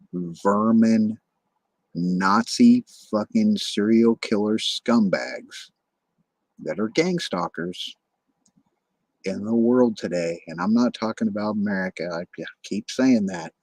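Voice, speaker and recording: A man's voice: lowish voice, creaky, a little mellow, husky, dry recording, low-quality recording. A man ranting on a livestream, bitter and accusatory, swearing constantly and often restarting or repeating his words.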